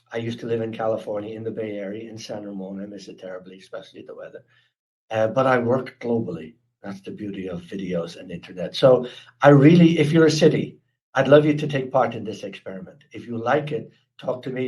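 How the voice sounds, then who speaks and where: Irish guy from the east coast pitching his program on a webinar, lots of restarts and ums. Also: a little mellow. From Ireland. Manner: earnest, chatty, with frequent restarts and fillers. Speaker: speaker presenting a security awareness program. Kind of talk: webinar talk with audience questions.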